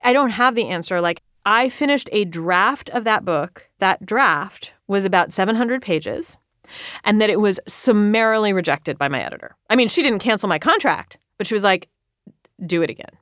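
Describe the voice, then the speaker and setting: A woman in her thirties, an author, talking candidly in an interview, earnest and quick with frequent restarts. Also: medium pitch, expressive, fairly bright tone, dry recording, clean studio sound. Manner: earnest, rushed, many restarts and quoted self-talk.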